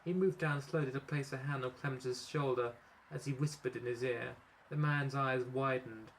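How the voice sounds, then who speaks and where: A man of middle pitch narrates a comic story he wrote himself. He reads at a steady pace and now and then trips over a word before he goes on. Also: normal speed, a little hiss or hum, low-quality recording. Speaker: author and narrator. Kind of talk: reading his own comic story.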